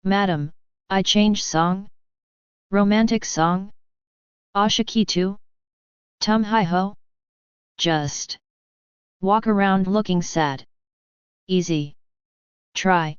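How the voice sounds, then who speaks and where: A woman's voice: mid-range voice, slow, long pauses, clear, resonant tone, no room sound, natural voice. A woman reading the lines of an anxious male wedding choreographer who pleads in broken English. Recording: dull, dry lo-fi audio.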